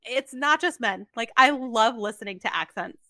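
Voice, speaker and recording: A young woman co-hosts a casual podcast chat, and her voice comes across bright and crisp. She talks emphatically and keeps up a quick, chatty flow, with a dry, close sound. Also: fairly high pitch, animated, dry recording. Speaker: podcast co-host.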